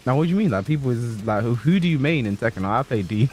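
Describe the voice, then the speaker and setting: Animated man riffing on a stream. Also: medium pitch, fast talker, faint music behind. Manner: animated, rambling riffs with lots of fillers. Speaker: esports tournament commentator. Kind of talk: casual stream commentary.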